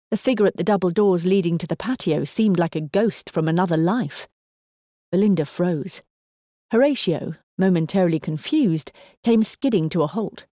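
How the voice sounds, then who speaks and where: A woman narrating a novel in an even storytelling delivery, recorded on a close mic. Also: lowish voice, no echo. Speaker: audiobook narrator. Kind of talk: scripted narration.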